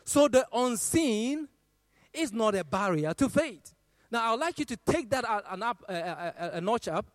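A man with a high voice preaches a sermon. He quotes scripture in a swelling, half-sung cadence. The sound is dry and close, with no room echo. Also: expressive, normal speed.

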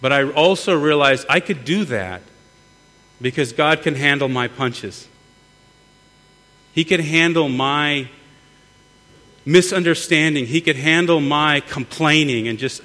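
A man's voice: mid-range voice, a little slow, a bit bright. A middle-aged man preaching a sermon earnestly, often repeating words as he builds. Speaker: pastor. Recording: long hall reverb, mains hum.

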